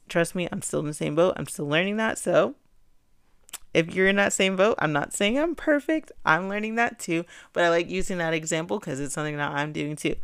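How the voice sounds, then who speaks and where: Young female podcast host, earnest and encouraging, repeats key points, low and smooth. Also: fairly quick, no echo, clean studio sound. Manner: earnest and conversational. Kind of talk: self-help talk.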